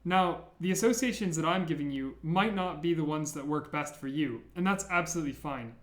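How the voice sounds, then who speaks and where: A man with a fairly high voice gives a beginner language lesson, patiently spelling out each sound and repeating it. The room is echoey, so his voice rings off the walls. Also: fairly quick. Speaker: language teacher.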